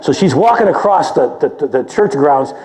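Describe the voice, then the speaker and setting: A male theologian speaks in a mellow, warm tone while lecturing in a large hall, and his words trail off into a long echo. His manner is conversational and humble. When excited, he stumbles over repeated words. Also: a little high, normal speed. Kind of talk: public lecture, answering a question with a personal story.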